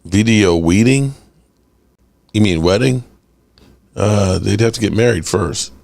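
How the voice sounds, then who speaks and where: A man hosting a casual sports fan livestream. He reads chat aloud and rants with animated energy. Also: on the low side, slow, creaky. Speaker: host of a sports fan channel.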